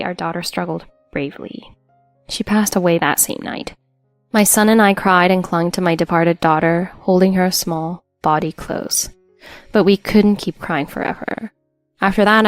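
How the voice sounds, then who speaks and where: A woman's voice: mid-range voice, no room sound. A woman reading a first-person drama story as narrator, in an earnest, emotional storytelling manner.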